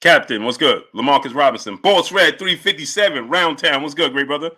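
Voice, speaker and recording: A man's voice: fairly high pitch, animated, brisk, bright, forceful tone. A man hosting a casual boxing livestream who talks animatedly, repeats his phrases and greets chat viewers by name. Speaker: boxing commentary livestream host.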